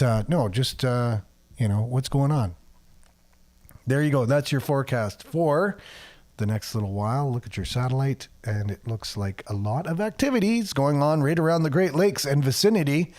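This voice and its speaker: Man, radio host, casual weather read, sarcastic asides, fillers, mid-pitched voice. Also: darkish tone. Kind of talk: casual talk radio, reading a weather forecast.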